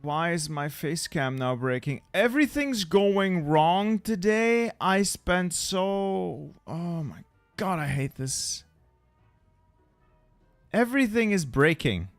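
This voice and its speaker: A man's voice: sits high, sing-song, slow pace, dry recording, soft background music. A young man streaming a strategy game from home, grumbling at broken gear and swearing as he chats with viewers. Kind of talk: casual live-stream chat.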